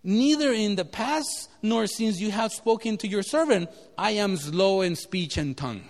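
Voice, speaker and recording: A man's voice: high voice, a little slow. A man voicing a reluctant, anxious Moses making excuses, recorded in an echoey hall. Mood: pleading.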